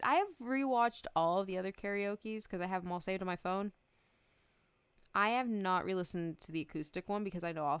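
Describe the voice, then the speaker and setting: A woman's voice: medium pitch, a bit bright, smooth, dry recording. A young adult woman streamer chatting casually, rambling, giggling often and swearing freely. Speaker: VTuber streamer.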